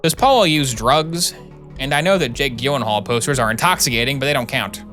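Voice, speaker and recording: A man reading the lines of a sarcastic middle-aged doctor in a deadpan, mocking way. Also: medium pitch, a little fast, soft background music. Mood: sardonic.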